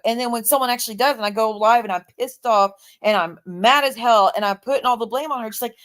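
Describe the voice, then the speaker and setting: A woman's voice: on the high side, normal speed, a bit bright. Heated, profane woman ranting on a livestream. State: tired. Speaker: livestream host. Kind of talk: angry livestream rant.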